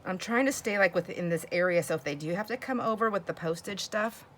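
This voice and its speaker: A woman's voice: medium pitch, fairly quick, a little hiss or hum. A woman hosting a crafting video, chatting casually and laughing often as she works. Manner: chatty, laughs often, talks to herself while working. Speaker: crafting channel host.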